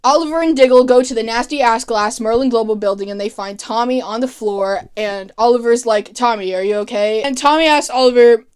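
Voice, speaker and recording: A woman's voice: on the high side, a little fast, hardly any pauses, clear, resonant tone. A woman narrating a casual comedic TV recap, sarcastic and profane, paraphrasing characters in her own offhand voice. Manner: sarcastic, profane, mock-quoting characters in a flat voice. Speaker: TV recap YouTuber.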